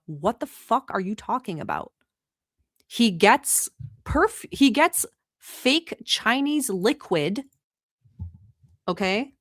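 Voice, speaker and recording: A woman's voice: medium pitch, dry recording. Brief: woman from the Middle East, livestream commentator, sarcastic and profane, dry close sound. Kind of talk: heated reaction commentary.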